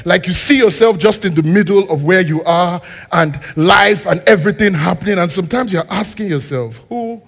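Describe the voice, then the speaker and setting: High-voiced preacher in a reverberant hall. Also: male voice, moderate pace, hardly any pauses. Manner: animated, swings from soft asides to loud excited shouting. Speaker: guest preacher. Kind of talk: sermon with storytelling. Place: church hall.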